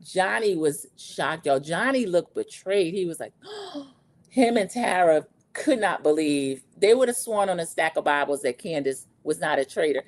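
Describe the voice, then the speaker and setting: Speaking a little slowly in a low-leaning voice, a recap show host in her 40s dishes on a TV episode with chatty, gossipy sass, imitating cast members in lively put-on voices.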